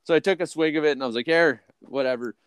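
Man, podcast co-host, casual storytelling, swears constantly, rambling and excitable, slightly high voice, dry sound. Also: fast, clear, resonant tone, no echo.

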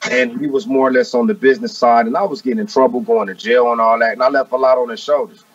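A man in his forties, a rapper being interviewed, talking in a relaxed, casual way and often adding "you know what I mean.". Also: mid-range voice, fast, dry recording, recorded from a distance. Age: 40s. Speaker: rapper guest. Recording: dry, muffled audio from off-mic.

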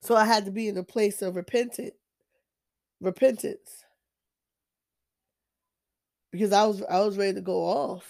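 A woman's voice: mid-range voice, steady tone, moderate pace, gravelly, pauses often, a little mellow. A woman sharing her own faith testimony in a casual, preachy way, emphatic and repeating herself with frequent restarts. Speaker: Christian vlogger sharing testimony.

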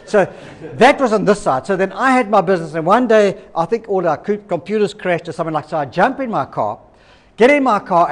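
A man with a notably high speaking voice preaches to his congregation. He tells a story from his own life in a lively way, acting out each part of the dialogue. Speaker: pastor. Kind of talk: sermon with personal story.

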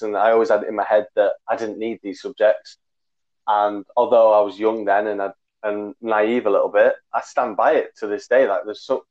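Low-voiced man telling rambling stories. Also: darkish tone. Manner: rambling storyteller, self-correcting. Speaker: podcast co-host. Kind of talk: casual chat. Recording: muffled lo-fi recording.

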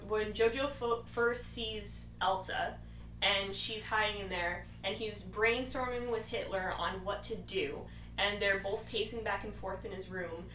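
A woman chatting enthusiastically about movies and retelling scenes quickly. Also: mid-range voice, bright, forceful tone, distant mic. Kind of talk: casual chat about movies. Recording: echoey room, off-mic, faint noise.

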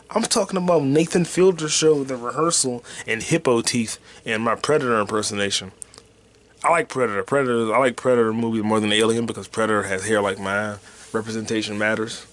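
Dude riffing on his own podcast, swears a lot, gets hyped then mumbles to himself, mid-pitch voice. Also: fairly quick. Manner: excitable, profane, slangy, drifting off to mutter while reading comments. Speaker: podcast host. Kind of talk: casual solo podcast chat.

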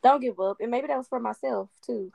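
High-voiced woman, dry and emphatic. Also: a little fast, vocal fry, warm tone, no echo. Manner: emphatic, encouraging, spiritual. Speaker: guest. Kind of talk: casual spiritual chat.

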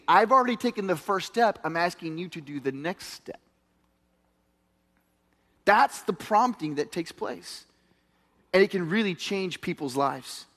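Middle-aged guy pastor preaching, high voice jumping all over, long reverb from the hall. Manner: animated storytelling, swings from hushed to loud. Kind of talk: sermon. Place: church hall.

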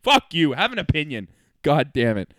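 Lively, swearing young podcast guy. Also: a little high, normal speed, no echo, clean studio sound. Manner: loose, joking, swears freely, laughs often. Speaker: podcast co-host. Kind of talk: casual crude banter.

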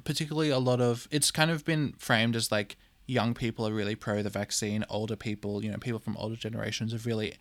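A man's voice: lowish voice, a bit bright, dry recording. A man, hosting a solo opinion podcast, blunt and exasperated, swearing freely and repeating phrases for emphasis. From Australia. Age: 20s. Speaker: podcast host.

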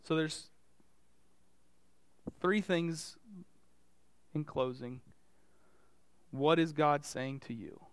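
Male pastor, conversational sermon, smooth voice on the higher side, dry close sound. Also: drawn-out words, long pauses, no room sound. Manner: conversational, asks the congregation direct questions.

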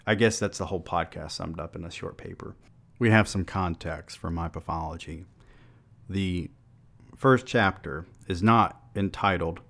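A man with a fairly low voice reads his literary essay on a podcast. He is measured and analytical, and he breaks in with dry, offhand asides. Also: creaky, fairly bright tone. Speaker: podcast host. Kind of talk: reading his essay aloud with commentary.

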